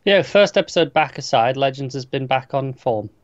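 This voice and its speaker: A man's voice: medium pitch, animated, moderate pace, highs cut off. A man co-hosting a podcast, joking bluntly in casual TV chat and stumbling over his first words. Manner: blunt, joking, stammers on starts. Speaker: podcast co-host.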